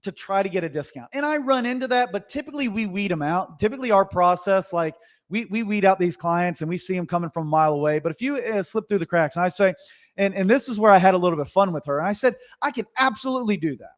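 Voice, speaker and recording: A man who runs a Christmas lighting business, telling stories to viewers in an animated, chatty way. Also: sits high, fast. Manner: animated, chatty, with restarts and asides. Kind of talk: casual storytelling to viewers.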